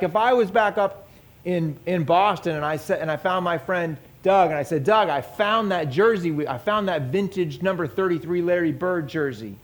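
A man teaching a Bible passage in a conversational way, asking his listeners questions and acting out the people in the story. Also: high voice. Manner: animated, asks the audience questions.

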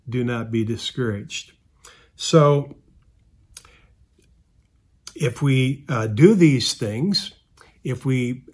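A man's voice: mid-range voice, darkish tone. Earnest male pastor preaching a sermon. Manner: earnest, measured preaching with scripture readings and fillers.

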